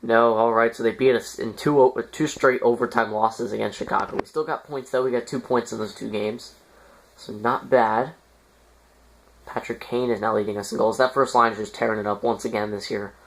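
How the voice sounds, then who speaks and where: A man's voice: medium pitch, steady tone, moderate pace, vocal fry. Rambling man commenting on a hockey sim. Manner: rambling, exasperated outbursts, many fillers. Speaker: gaming YouTuber. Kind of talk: casual game commentary.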